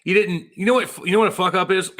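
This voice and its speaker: A male podcast host chimes in with blunt, teasing, profane remarks. His voice is fairly high, swings widely in pitch, and has a bright, forceful edge. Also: wildly swooping pitch, a little fast. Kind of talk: casual podcast chat.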